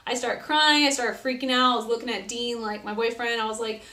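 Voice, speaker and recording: A woman's voice: on the high side, steady tone, brisk. Chatty young woman in an echoey room. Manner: chatty, lots of "like", acts out quotes. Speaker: vlogger telling her birth story. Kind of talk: casual storytelling. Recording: echoey room with faint noise.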